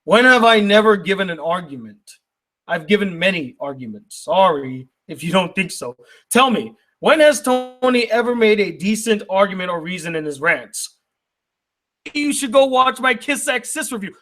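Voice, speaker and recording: Heated high-voiced man ranting. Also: expressive, normal speed, a bit bright. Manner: indignant, argumentative, rhetorical questions. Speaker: YouTube critic reading viewer mail.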